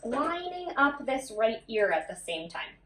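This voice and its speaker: A woman demonstrating step by step how to fit a baby's helmet, speaking gently to the infant. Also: on the high side, sing-song, measured pace, echoey room. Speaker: helmet fitter. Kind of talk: instructional demonstration.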